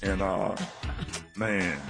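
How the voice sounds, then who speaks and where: A man's voice: deep voice, little pitch movement, extremely slow, over music. Teasing morning radio host, man. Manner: joking, storytelling, teasing. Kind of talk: comic radio banter.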